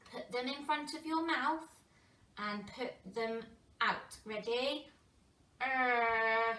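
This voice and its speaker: A woman with an English accent teaching a phonics lesson to young children, sounding out words slowly and with a lot of expression. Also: sits high. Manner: animated, exaggerated sounding-out of words with gasps and whispers. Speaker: primary school teacher. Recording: roomy distant mic, faint background noise.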